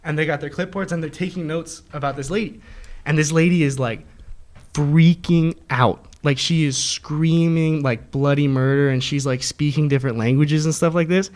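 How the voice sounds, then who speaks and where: A young man with a fairly high voice tells a long, winding dream story to his friends. He talks in a lively, animated way, laughs often and acts out the voices of the people in the story. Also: moderate pace. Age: young adult. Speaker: host. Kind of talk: casual storytelling among friends.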